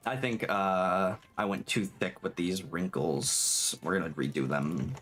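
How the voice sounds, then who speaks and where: A live streamer chatting casually while working, reading chat aloud, swearing freely and quick to get excited and laugh. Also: low-pitched. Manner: gets excitable and laughs easily. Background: faint background music.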